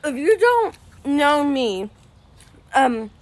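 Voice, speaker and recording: A woman's voice: sits high, sing-song, drawn-out words. Easygoing young woman tasting snacks outdoors. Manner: easygoing, leads the tasting, giggles. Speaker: co-host. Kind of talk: casual chat taste test. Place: outdoors in her backyard. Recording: outdoor noise, birds. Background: birds and wrapper crinkling.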